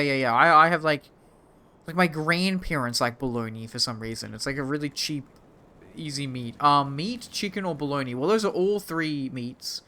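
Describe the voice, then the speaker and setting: A man's voice: medium pitch, moderate pace, sharp tone. A young Australian man streaming a game, chatting casually and self-mockingly with his chat. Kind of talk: casual gaming commentary.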